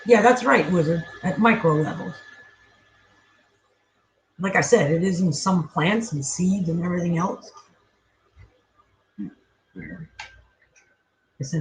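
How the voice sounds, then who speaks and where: A man with a high voice hosts a casual livestream, wandering from thought to thought. His talk is loose and profane, and he often trails off mid-sentence. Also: takes it slowly, long pauses, slight background noise, rough recording. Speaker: livestream host. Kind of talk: casual rambling livestream chat.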